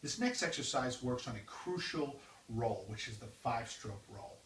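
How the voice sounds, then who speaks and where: Guy explaining drum roll exercises, mid pitch, loud drums in the room. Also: lively intonation, normal speed, very noisy. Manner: counts off exercises loudly between explanations. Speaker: drum teacher. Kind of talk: instructional demonstration. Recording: roomy, distant mic with loud drumming.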